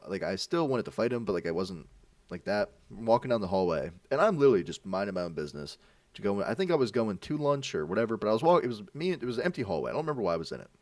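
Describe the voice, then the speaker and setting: Animated young man telling stories. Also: lowish voice, no room sound, distant mic. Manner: animated, acts out voices in his stories, swears freely. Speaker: podcast co-host. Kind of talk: casual storytelling.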